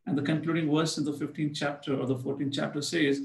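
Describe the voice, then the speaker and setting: A man's voice: a little high, flat delivery, fast talker, gravelly. A man lecturing on scripture, telling stories and acting out the characters. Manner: storytelling, acts out characters. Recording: echoey room.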